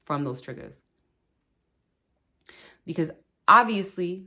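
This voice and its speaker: Low-voiced woman giving spiritual advice. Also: fairly bright tone. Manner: chatty, laughs often, repeats "okay", speaks to viewers directly. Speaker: spiritual wellness host. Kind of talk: casual spoken advice.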